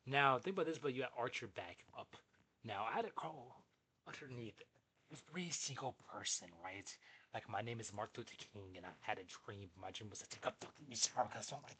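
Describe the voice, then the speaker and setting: A young man telling a story in a casual, animated, profane way, jumping between asides. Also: medium pitch, a little fast, a little hiss or hum. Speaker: vlogger.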